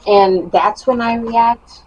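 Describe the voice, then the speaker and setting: Young woman vlogger, storytime monologue, emphatic and animated, faint hum behind. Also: fairly high pitch, slow, highs cut off. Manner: animated, emphatic retelling with rising bursts.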